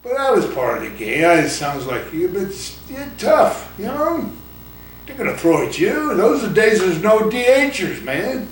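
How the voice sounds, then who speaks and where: An older man and former ballplayer tells rambling stories in a casual interview, chuckling often and putting on other people's voices. He is heard from some distance in an echoey room, with clear background noise. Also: high-pitched, big pitch swings, unhurried. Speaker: retired baseball pitcher and coach. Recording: roomy, distant mic, noisy ambience.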